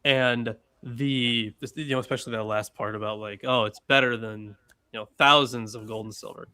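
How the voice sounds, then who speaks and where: A man's voice: medium pitch, fairly even intonation, normal speed, bright, forceful tone, smooth, dry recording. A man hosting a podcast, casual and a bit rambling, often using fillers. His voice is recorded dry and close.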